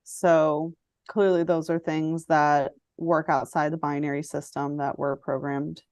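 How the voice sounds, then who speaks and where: A woman's voice: low-pitched, flat delivery, measured pace, a little mellow, no room sound, studio quality. A woman co-hosting a podcast in casual chat, thoughtful and reflective as she explains ideas. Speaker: podcast co-host.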